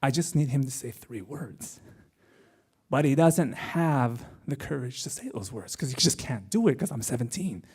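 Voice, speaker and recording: A man telling a true personal story at a live storytelling event, animated and acting out the people in it. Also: mid-range voice, moderate pace, slightly rough. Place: club stage before a live audience.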